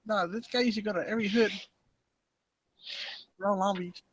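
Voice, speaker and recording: A man's voice: high voice, steady tone, normal speed, dry recording, muffled recording. A man making short remarks in a casual podcast chat. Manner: brief interjections.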